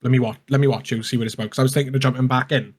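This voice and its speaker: A man co-hosting a casual podcast, with a voice of middling pitch. He rambles through anecdotes and swears freely. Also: fairly even intonation, racing. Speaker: podcast co-host. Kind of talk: casual chat.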